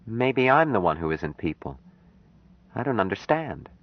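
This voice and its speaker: An anxious, tender young woman, put on by a deep-voiced male reader, her pitch lifted and soft with worry. The recording is dry and a little dull, close to the mic with no room around it. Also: very animated, unhurried, dry recording. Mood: puzzled.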